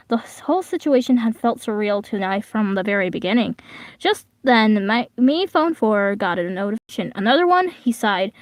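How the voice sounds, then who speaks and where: A woman's voice: fairly high pitch, no echo. A young woman casually reading a fan story aloud, often breaking off to make slangy, chatty comments. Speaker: reader.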